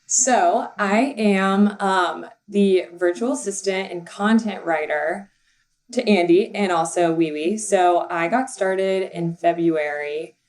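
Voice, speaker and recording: The podcast guest, a young adult assistant and content writer, laughs her way through a rambling story packed with fillers during a relaxed interview. Her voice sits on the low side, a little mellow, at a slow pace.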